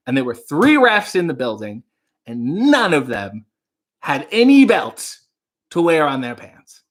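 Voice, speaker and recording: Male livestream host, casual storyteller, animated delivery. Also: on the high side, unhurried. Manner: rambling storyteller reading out chat comments.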